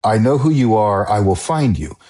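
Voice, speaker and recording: A man's voice: fairly low pitch, normal speed, husky. A man hosting a podcast who tells a story in casual talk, swearing often and getting worked up. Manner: excitable, profane storyteller. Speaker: podcast host. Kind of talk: casual chat.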